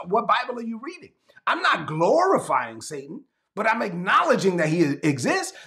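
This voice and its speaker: Reading scripture aloud and driving home rhetorical questions, a pastor preaches in a high, widely swinging voice. His tone is fairly bright, though a gravelly rasp sits beneath his delivery.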